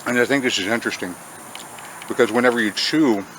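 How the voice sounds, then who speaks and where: Bright-voiced man chatting outdoors. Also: fast talker, a little hiss or hum. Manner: chatty, talks in a high sing-song voice to cats and caterpillars. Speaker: farm channel host. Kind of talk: casual outdoor vlog. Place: outdoors on a farm.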